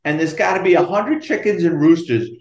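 A retired police detective, telling animated, profane stories in a podcast interview and acting out the quotes. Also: male voice, a little high, fairly quick, roomy sound, muffled recording. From New York.

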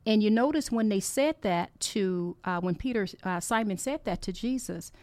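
A woman's voice: mid-range voice, lively intonation, moderate pace, darkish tone, no echo. Earnest woman giving a faith talk. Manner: earnest, heartfelt, exhorting; personal, rambling storytelling with restarts. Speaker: podcast host. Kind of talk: faith-based encouragement talk.

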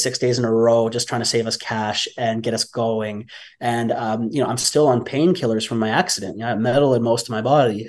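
A man from Vancouver telling a story as a guest on a podcast, animated and blunt, with frequent swearing and laughter. His voice sits at an ordinary middle pitch, and he speaks casually like a life coach sharing something personal. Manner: animated, profane, laughs often.

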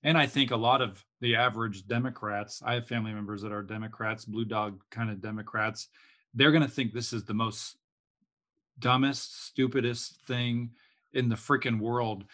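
Man co-host from Alaska, middle pitch, indignant rant. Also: fairly even intonation, normal speed, fairly bright tone. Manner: indignant, ranting. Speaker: podcast co-host. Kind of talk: political talk show chat.

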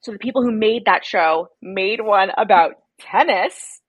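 A young woman from America, a podcast guest, telling stories in casual chat and acting out quotes in animated voices. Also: medium pitch, a little slow, husky, dry recording, lo-fi sound. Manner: chatty storyteller, acts out quotes in animated voices.

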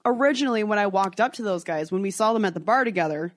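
A woman co-host recounts a night out in an unfiltered, animated chat. Her voice sits at an ordinary pitch, and it is recorded dry and close with no room sound. She drops swear words freely and acts out what people said. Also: fast, dry recording. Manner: animated, profane storytelling with acted-out quotes. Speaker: podcast co-host. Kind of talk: casual storytelling chat.

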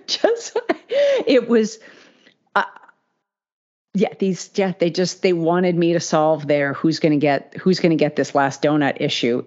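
Woman, podcast co-host, low voice, casual chatty storytelling, frequent laughs, dull lo-fi sound. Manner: chatty storyteller, laughs often, many "you know" fillers.

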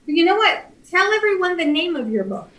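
A woman's voice: very high voice, sing-song, brisk, a crowd in the background. A woman hosting a casual interview, encouraging and agreeable with her guest. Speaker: interviewer host.

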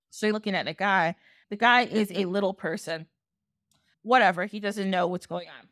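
A woman podcast host casually retelling a folktale, chatty and animated, slipping into little voices for the characters. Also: medium pitch, no echo, studio quality. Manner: chatty, animated, acts out characters with quick asides. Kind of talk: casual storytelling.

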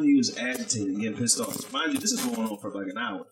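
A man's voice: mid-range voice, sing-song, brisk, hardly any pauses, noisy background. A man co-hosting a podcast, telling a story in casual chat, acting out the people he quotes and swearing freely. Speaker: podcast co-host, chef.

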